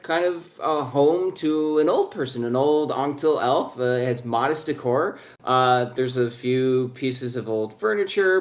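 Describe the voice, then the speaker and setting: A man's voice: a little high, roomy sound. A man narrating a tabletop game as game master, rambling through scene descriptions with many fillers.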